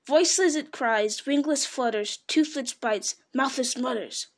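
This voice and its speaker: A woman's voice: sits high, a little slow, creaky, full character voice. A woman reading aloud and voicing a sneaky, lonely cave creature who hisses his words. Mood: riddling. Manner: hissing, sibilant, wheedling. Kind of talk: storybook read-aloud.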